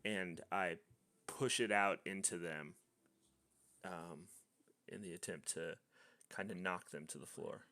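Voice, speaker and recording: Male player, very deep gravelly voice, bright edge, rambling restarts. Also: slow pace, pauses often. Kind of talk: casual tabletop role-play.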